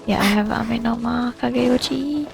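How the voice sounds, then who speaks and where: Playing a story quest, a young woman keeps up giggly, talkative commentary to herself at a measured pace. Her voice sits on the high side and has a creaky texture, with music playing in the background.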